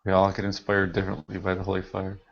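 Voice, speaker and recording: A man's voice: deep voice, monotone, fast, gravelly, dull audio. A man hosting an online group hangout, effusively thanking participants and reading their chat messages aloud. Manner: effusive, encouraging, reads chat comments aloud. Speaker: host of a group meditation hangout. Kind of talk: upbeat hosting.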